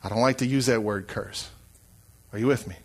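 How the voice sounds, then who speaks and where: A middle-aged man preaching a sermon as pastor, swinging from hushed asides to loud, shouted calls. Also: mid-range voice, brisk, breathy edge.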